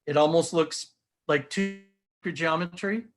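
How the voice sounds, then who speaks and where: A man's voice: on the high side, steady tone, takes it slowly. A middle-aged man giving an earnest, enthusiastic explanation of geometric models as an interview guest. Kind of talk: animated explanation while showing models.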